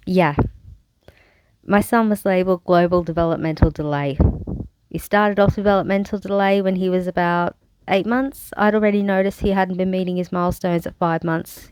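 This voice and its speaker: A woman's voice: on the low side, darkish tone, clean tone, dry recording, poor audio. An Australian woman telling her own story to camera in a frank, wry manner, with bursts of sarcasm. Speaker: vlogger. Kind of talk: candid personal storytelling.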